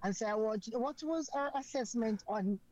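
Lady caller, soft and earnest, asking stuff quietly. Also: on the high side, moderate pace, lo-fi sound. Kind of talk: call-in radio chat.

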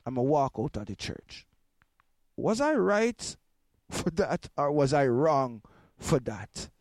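A man's voice: fairly high pitch, big pitch swings, slow pace, darkish tone, no room sound, studio quality. A man, hosting a radio show and telling a story with rambling, stammering repetitions. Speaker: radio host. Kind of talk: storytelling to listeners.

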